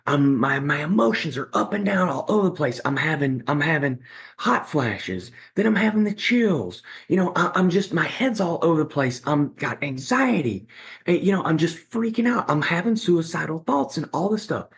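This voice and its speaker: A man's voice: fairly high pitch, moderate pace. A middle-aged man as a podcast guest, telling a personal story conversationally and acting out what others said. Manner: animated, acts out other people's lines.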